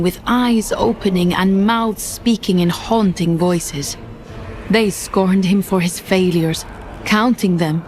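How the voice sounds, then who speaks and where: A woman reading a dark fantasy story in measured, dramatic scripted narration. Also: on the low side, a little hiss or hum. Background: faint music.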